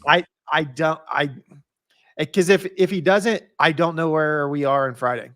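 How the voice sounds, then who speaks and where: A man co-hosting a casual political podcast, giving his views in a measured, opinionated way. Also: fairly high pitch, a bit bright.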